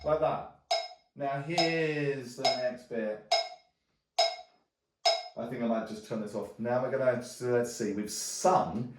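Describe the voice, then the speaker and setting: A man's voice: mid-range voice, takes it slowly, pauses often, very noisy. Man teaching djembe, roomy and distant. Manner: relaxed, thinking aloud with many restarts. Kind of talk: casual music lesson. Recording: roomy sound from a distance, drumming around speech. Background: djembe drumming.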